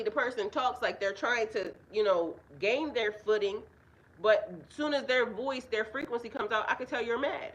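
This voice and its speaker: Her voice is mid-range and a bit bright, and the recording is rough. Out in a yard with birds around, the woman, a spiritual reader and life coach, gives a casual astrology reading, speaking bluntly, cursing a lot, and repeatedly bursting into laughter.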